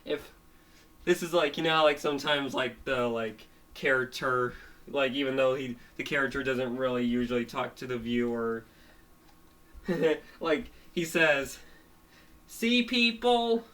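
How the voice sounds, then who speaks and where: A storyteller retelling a cartoon episode, halting with many restarts and fillers. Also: medium pitch, fairly even intonation, fairly bright tone. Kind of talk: rambling spoken retelling.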